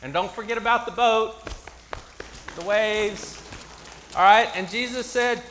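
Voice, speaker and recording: A man leading an interactive Bible story in church, coaxing his listeners to make sound effects and shouting the quoted lines himself. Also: high-pitched, unhurried, long pauses, a little hiss or hum. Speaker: preacher leading a children's message.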